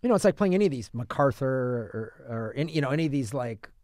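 A man's voice: mid-range voice, expressive, fast, darkish tone, no room sound. A man co-hosting a film review podcast in a studio, talking casually and rambling with many restarts. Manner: rambling, lots of fillers and restarts. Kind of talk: casual chat.

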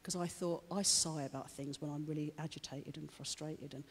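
Preacher, sermon, chatty asides, fervent, mid-pitched, reverberant church hall. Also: fairly even intonation, moderate pace, slightly rough. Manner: chatty, jokey asides to the congregation; grows fervent and rousing.

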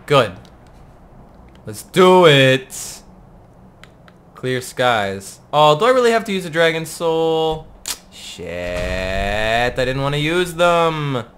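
A man giving casual gameplay commentary in a profane, excitable and joking way. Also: fairly high pitch, slow.

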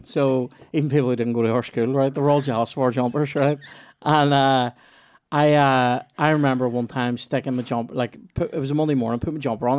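A man's voice: medium pitch, a little mellow. A man hosting a comedy podcast, telling rambling, sweary anecdotes full of restarts. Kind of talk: casual storytelling chat.

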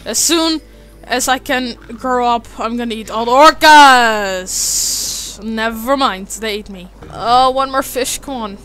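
A woman with a high, bright, ringing voice talks unhurriedly through a video game as its host. She swears freely and keeps breaking into loud, frustrated yells, with faint game music underneath. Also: takes it slowly, clear, resonant tone. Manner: swears a lot, with frequent shouted frustrated outbursts. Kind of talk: let's play commentary.

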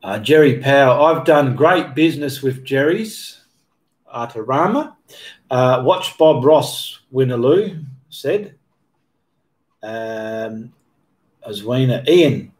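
On his art channel's live chat, a man reads out viewer comments and replies casually, rambling and correcting himself partway through sentences. He speaks slowly in a mid-range voice with lively intonation.

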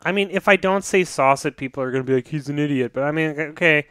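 A man's voice: fairly high pitch, quick pace, fairly bright tone, smooth, dry recording, clean studio sound. A man co-hosting a casual hockey podcast, rambling and joking with a lot of swearing, sometimes dropping to a mutter. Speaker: podcast co-host.

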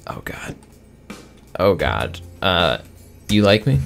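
Sarcastic low creaky gamer guy. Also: wildly swooping pitch, slow pace, long pauses, fairly bright tone, soft background music. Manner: sarcastic, mock-offended banter with on-screen characters. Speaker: gaming video host. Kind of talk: gameplay commentary, reading game text aloud.

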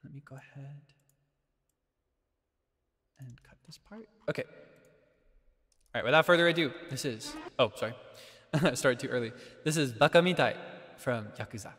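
A man streaming karaoke, chatting casually and jokily with sudden loud bursts. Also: mid-range voice, moderate pace, pauses often, in a large hall.

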